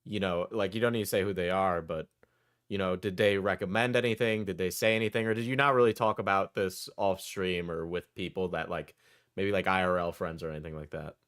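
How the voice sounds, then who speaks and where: A man interviews a guest on a stream, stretching his questions out as he probes. His voice is very low, and the recording is close and dry. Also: steady tone, a bit bright, clear, resonant tone, no room sound. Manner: probing, drawn-out questions.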